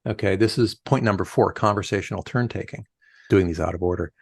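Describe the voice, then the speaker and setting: Gravelly-voiced man, lively storyteller. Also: sits low, brisk. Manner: animated storyteller, acts out quoted voices. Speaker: podcast guest, leadership coach. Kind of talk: conversational podcast interview.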